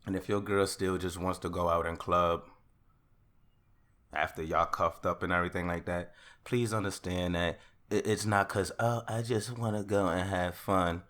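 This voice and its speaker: A young man hosting his own podcast, ranting in a casual monologue that swings from loud outbursts to calmer talk. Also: low-pitched, normal speed. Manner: rants loudly, then calms down. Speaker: podcast host.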